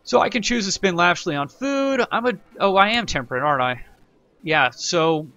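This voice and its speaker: A man's voice: high-pitched, lively intonation, moderate pace, pushed and bright, lo-fi sound. A man hosting a casual let's play tutorial, rambling and self-correcting as he reads the game's event text aloud. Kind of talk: casual gameplay tutorial commentary.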